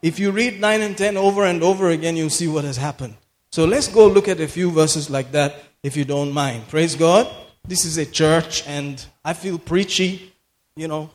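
High-voiced preacher man in a reverberant hall. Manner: emphatic, repeats phrases for effect, laughs often. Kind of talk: sermon. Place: church hall.

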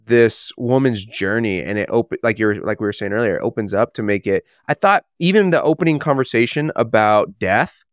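A man co-hosting a podcast in casual chat, rambling and correcting himself as he gets excited. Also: fairly low pitch, a little fast, hardly any pauses, dry recording, studio quality. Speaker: podcast co-host.

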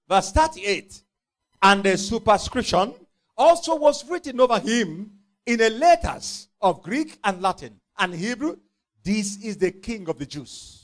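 A man delivers a sermon in a high, lively voice. His pitch swings widely as he acts out biblical scenes, shifting between hushed asides and fervent outbursts. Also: measured pace. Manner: impassioned, dramatizing scripture with acted voices. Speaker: preacher.

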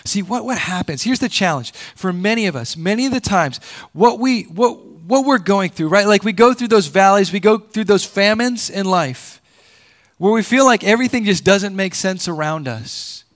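A man preaching a sermon, repeating words as he builds a point and swinging between loud emphatic peaks and low quiet drops. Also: lively intonation, normal speed. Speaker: pastor.

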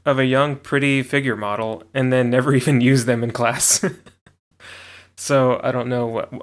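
A man's voice: mid-range voice, fairly even intonation, moderate pace. Chatty male podcast host, laughing often. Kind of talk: casual chat.

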